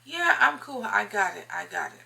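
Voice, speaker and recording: Breezy young woman friend, offhand, bright, as a storyteller quotes her. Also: mid-range voice, very animated, moderate pace, creaky, heavily acted, low-quality recording.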